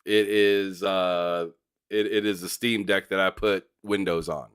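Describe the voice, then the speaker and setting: Brief: lower-pitched male host, easygoing, stammers into questions. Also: steady tone, unhurried, smooth. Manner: laughs often, stammers and restarts. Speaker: podcast host. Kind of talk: casual interview chat.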